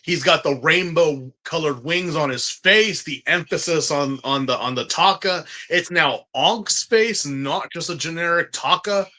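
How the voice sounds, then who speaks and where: A man in a casual podcast chat, excitable and rambling, with frequent restarts and fillers. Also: a little high, a little slow, few pauses. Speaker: podcast co-host.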